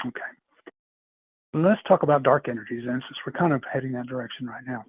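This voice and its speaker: A man's voice: medium pitch, fast, slightly rough, no echo. A man telling long paranormal stories as a podcast guest, rambling, repeating himself and laughing often. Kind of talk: casual storytelling chat. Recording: tinny phone-like line.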